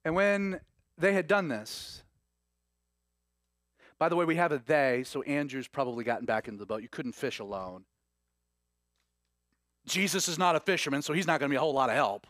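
A man preaching a sermon in an animated, conversational way with laughing asides. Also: a little high, moderate pace, pauses often, no echo, clean studio sound. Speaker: pastor.

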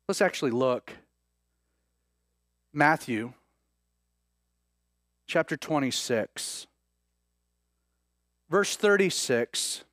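A man's voice: sits high, a bit bright, dry recording. A man preaches a sermon. He retells scripture as a story, acting out the quoted speech and restarting his phrases. His voice sounds close and dry. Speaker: pastor.

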